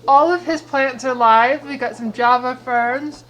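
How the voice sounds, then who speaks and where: A woman's voice: high-pitched, unhurried, a bit bright, rough recording. A woman chatting casually in a home vlog, out of breath and slipping into baby talk with her pets. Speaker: vlogger. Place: home, indoors.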